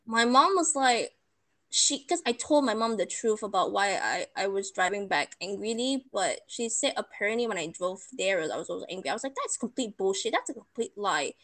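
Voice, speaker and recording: A woman's voice: mid-range voice, expressive, moderate pace, fairly bright tone. A young woman, chatting casually and emotionally retelling a bad experience. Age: young adult. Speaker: storyteller. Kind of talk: casual chat.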